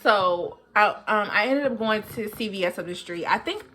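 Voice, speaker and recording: A young woman vlogger telling a personal story casually, jumping high in pitch to act out what people said. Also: normal speed. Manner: animated, jumps high in pitch when acting out what people said.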